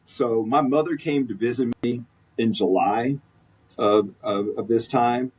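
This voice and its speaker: A man's voice: mid-range voice, a little slow, a little mellow, breathy edge. A man candidly recounting a personal story as a podcast guest, earnest and rambling with frequent restarts. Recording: distant mic, dull lo-fi sound.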